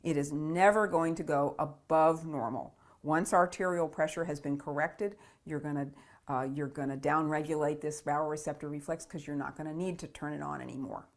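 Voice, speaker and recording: A woman's voice: low voice, fairly even intonation, moderate pace. A woman physiology lecturer in a recorded lecture, explaining step by step, repeating key terms and checking in with "okay?".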